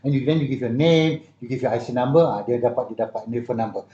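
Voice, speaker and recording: Chatty Malaysian man, mellow and echoey. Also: mid-range voice, very fast. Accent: Malaysian English. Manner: conversational storyteller, slips Malay words into his English. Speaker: guest. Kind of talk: casual chat. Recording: muffled, echoey room.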